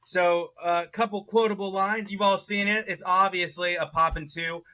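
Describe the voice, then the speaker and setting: A man co-hosting a podcast, joking and quick with quips. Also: high-pitched, steady tone, sharp tone. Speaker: podcast co-host. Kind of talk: casual podcast chat.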